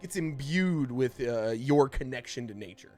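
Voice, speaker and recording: A man running a tabletop game as game master, narrating combat and explaining rules in a casual, halting way full of restarts. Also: mid-range voice, lively intonation, darkish tone, soft background music.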